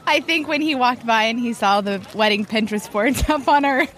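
A relaxed, giggly woman chats as an interview guest, her voice a little high. She answers loosely and laughs often between her answers. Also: brisk, a little hiss or hum. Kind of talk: casual interview chat. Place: outdoor post-wedding barbecue.

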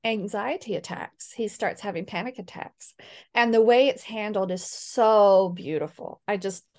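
A middle-aged woman speaking as a guest in a conversational interview, earnest and animated when she quotes others. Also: mid-range voice. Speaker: guest, healing coach.

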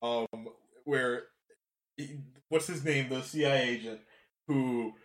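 Animated man with a roomy echo. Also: medium pitch, takes it slowly, crowd noise. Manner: animated, swearing, many fillers and restarts. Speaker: podcast host. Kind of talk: casual film discussion.

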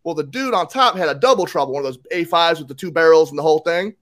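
A man telling a casual paintball story, acting out quotes with animated delivery. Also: on the high side, fast talker. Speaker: paintball player.

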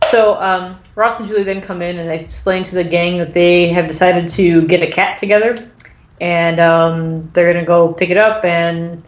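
A woman recaps a story in loose, rambling casual chat, stacking fillers and jumping into the characters' voices. Her voice sits a little low for a woman. She sounds like she's in a roomy space on a dull, lo-fi recording. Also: steady tone, moderate pace, slight background noise. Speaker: podcast host recapping an episode.

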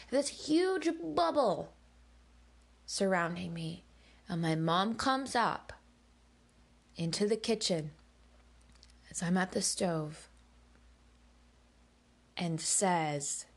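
Slow, candid woman podcast host. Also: lowish voice, expressive, gravelly. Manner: emphatic, candid, swears when heated; slow and deliberate. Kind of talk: personal storytelling monologue.

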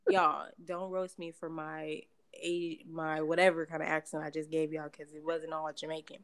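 A woman's voice: sits low, little pitch movement, moderate pace, smooth. A woman co-hosting a podcast, chatting casually, laughing often and swearing freely. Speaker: podcast co-host. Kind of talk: casual chat.

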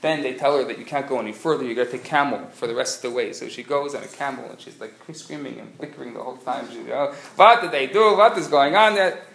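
A man speaking as a rabbi, giving a live lecture and telling jokes with lively storytelling. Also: medium pitch, fast talker, vocal fry, few pauses. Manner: animated joke-telling storyteller. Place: community center lecture hall. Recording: echoey hall, faint noise.

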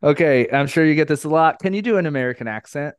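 A man's voice: a little high, fast, clear, resonant tone, dry recording, studio quality. A middle-aged man hosting a podcast, chatting in a rambling way and laughing often. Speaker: podcast host. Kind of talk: casual podcast chat.

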